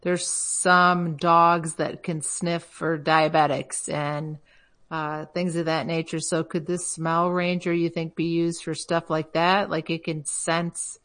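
A woman's voice: deep voice, flat delivery, takes it slowly, fairly bright tone. A woman co-hosting a casual chat, talking freely and asking the others questions to keep it going. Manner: chatty, asks questions to steer the talk. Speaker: podcast co-host.

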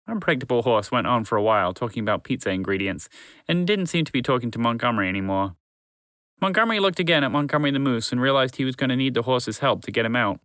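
A man narrating a children's story in a calm, measured, friendly way. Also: mid-range voice, no room sound.

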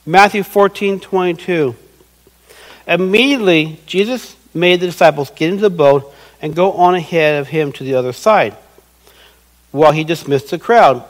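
A middle-aged male pastor delivers an earnest sermon in a high, light voice. He slips into little quoted voices to act out what people say, then comes back to plain teaching. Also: normal speed, poor audio.

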